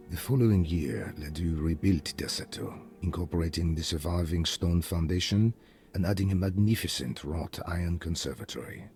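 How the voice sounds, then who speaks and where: A man voicing a grave game narrator who reads out an old historical account in a measured, solemn way. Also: sits low, darkish tone. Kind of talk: scripted narration.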